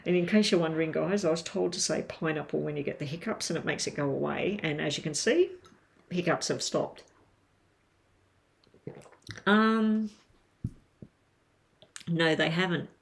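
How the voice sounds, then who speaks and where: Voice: medium pitch, normal speed, vocal fry, pauses often. A tarot reader doing a casual live-stream reading from home, chatting straight to viewers with lots of ums.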